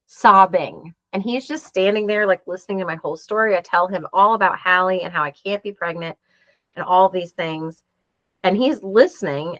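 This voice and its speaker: A woman in her forties speaks in a fairly low voice, earnestly recounting events and playing out each quoted exchange. The sound is dry and a little muffled, with a lo-fi dullness. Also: fairly bright tone, dry recording. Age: 40s. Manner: earnest, acts out quoted dialogue. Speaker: interview guest. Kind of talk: emotional personal storytelling.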